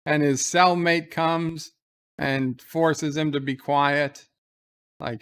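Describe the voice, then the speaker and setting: A man's voice: fairly high pitch, little pitch movement, slow pace, fairly bright tone, smooth. A man giving casual live commentary on an episode, retelling scenes by quoting lines.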